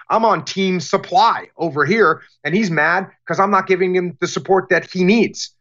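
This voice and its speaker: A man answering interview questions about leadership in a deliberate, emphatic way, often repeating phrases for emphasis. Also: on the high side, a bit bright, lo-fi sound. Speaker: guest, former military leader.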